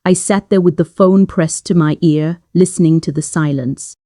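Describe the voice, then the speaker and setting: A woman narrating a first-person family story in a quiet, measured way. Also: deep voice, no echo, clean studio sound.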